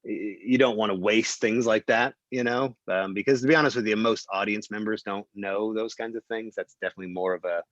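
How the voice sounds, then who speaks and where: A man's voice: fairly low pitch, a little fast, hardly any pauses, dry recording, lo-fi sound. A man, a film producer, telling a behind-the-scenes story as an interview guest, acting out what people said, with lots of fillers and restarts. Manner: animated storyteller, acts out quotes, many fillers and restarts.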